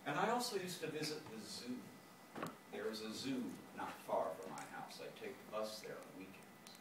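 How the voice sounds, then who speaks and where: A man telling a personal story live, animated and given to imitating animal and singing sounds. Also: on the low side. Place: lecture room. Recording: echoey room, distant mic, background noise.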